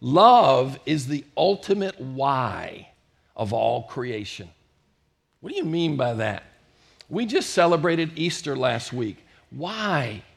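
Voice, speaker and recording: A middle-aged male pastor preaching a storytelling sermon, swinging from loud bursts to hushed moments. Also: medium pitch, sing-song, takes it slowly, gravelly.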